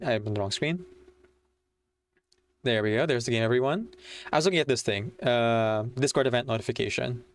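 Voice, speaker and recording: A man's voice: medium pitch, smooth. A man streaming a game, chatting casually to viewers in a rambling way full of fillers. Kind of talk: casual livestream chat.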